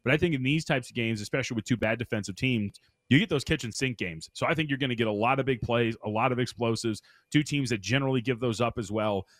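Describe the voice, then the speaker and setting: A man giving quick, opinionated football betting picks on a sports radio show, a little self-mocking. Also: medium pitch, dry recording. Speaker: sports betting analyst guest.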